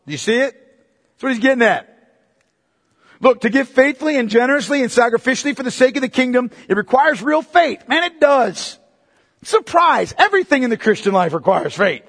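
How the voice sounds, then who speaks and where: A man preaching a sermon as pastor, emphatic and repetitive, swinging between loud and hushed delivery. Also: very high-pitched, animated, brisk, husky, long reverb tail.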